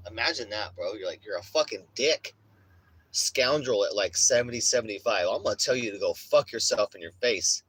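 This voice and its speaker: A man's voice: fairly low pitch, brisk, a bit bright, slight background noise, low-quality recording. A young man hosting a live stream, ranting casually and bluntly with constant swearing and "bro". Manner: profane, blunt, swaggering, says "bro" a lot. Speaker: livestream host. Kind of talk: casual rant to a live chat.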